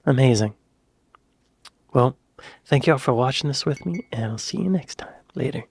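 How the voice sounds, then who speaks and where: Give me an American man chatting casually through a reaction video, medium pitch, dry sound. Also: lively intonation, normal speed, gravelly, darkish tone, breathy edge, no room sound. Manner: chatty, musing, self-correcting.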